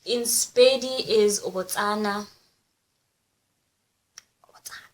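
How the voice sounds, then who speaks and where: A woman's voice: medium pitch, slow pace, low-quality recording. A young woman, chatting playfully in a casual language vlog and laughing often. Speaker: vlogger.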